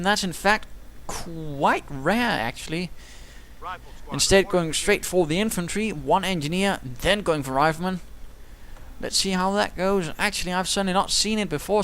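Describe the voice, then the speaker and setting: A man's voice: high-pitched, fairly bright tone, a little hiss or hum. A man giving playful, theatrical commentary over a strategy game replay, full of whimsical asides. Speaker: caster.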